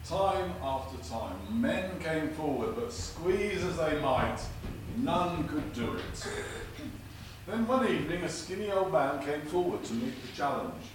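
Guest preacher, animated and fairly high, distant mic in a very echoey church. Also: male voice. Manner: lively, dramatic delivery with big pitch swings. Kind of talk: sermon with jokes. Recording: echoey church from far off with noise.

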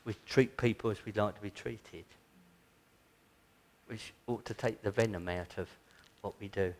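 A man's voice: on the low side, measured pace, slight background noise. A man preaching an earnest, conversational sermon that moves into prayer. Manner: earnest, conversational, breaks into mocking asides.

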